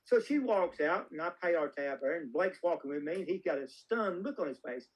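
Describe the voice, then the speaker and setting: A man's voice: fairly high pitch, animated, fairly quick, low-quality recording. A filmmaker guest in a casual interview, a man telling folksy, rambling anecdotes with plenty of restarts.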